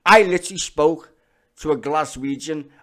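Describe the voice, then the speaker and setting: A man's voice: fairly high pitch, moderate pace, pushed and bright. A young Scouse man ranting over clips in casual, profane, blunt commentary. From Liverpool, England. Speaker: streamer reacting to videos.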